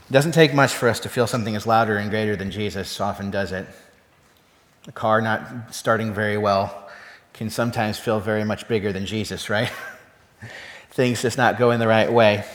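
A man's voice: fairly low pitch, a bit bright. A man preaching a sermon in a conversational way, often putting rhetorical questions to his listeners. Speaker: pastor. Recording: long reverb of a hall.

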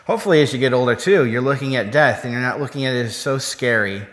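A man's voice: medium pitch, quick pace, fairly bright tone. A man preaching a sermon in a conversational way, often putting rhetorical questions to his listeners. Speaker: pastor. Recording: long reverb of a hall.

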